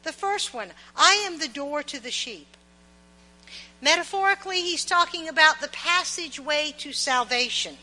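A woman preaching a sermon, quoting scripture with emphatic, dramatic pauses, in a church. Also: high voice, expressive, bright, forceful tone. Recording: long reverb in a large hall, mains hum.

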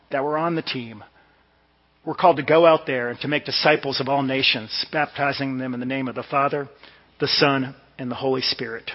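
A man from the Washington DC area preaching a sermon in a conversational, storytelling way. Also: a little high. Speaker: pastor. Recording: dull sound with long hall reverb.

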